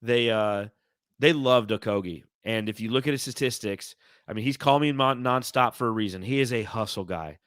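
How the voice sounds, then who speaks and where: A man co-hosting a sports podcast in casual chat, excitable and quick to laugh, reading out fan comments. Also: mid-range voice, clean tone, dry recording, studio quality. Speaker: podcast co-host.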